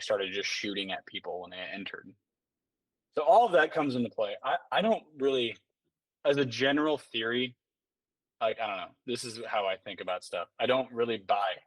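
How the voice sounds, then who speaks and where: Low-voiced rambling podcast guest man. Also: no room sound. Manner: rambling, filler-heavy, many restarts and "like"s. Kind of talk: casual conversational chat. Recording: dry sound, somewhat distant mic.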